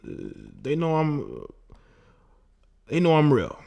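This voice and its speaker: A man's voice: a little high, wildly swooping pitch, slow pace, vocal fry, lo-fi sound. A man hosting a casual call-in livestream, boastful and laughing as he talks to his chat and callers. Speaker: livestream host taking call-ins.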